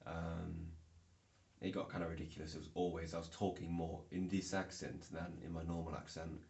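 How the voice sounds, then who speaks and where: A young man chats casually to camera, wandering through his story with frequent fillers and restarts. His voice is very low with a gravelly fry. The room adds a noticeable echo. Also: level tone, moderate pace, a little mellow. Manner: rambling, filler-heavy storytelling. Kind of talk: casual vlog chat. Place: indoor room. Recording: echoey room.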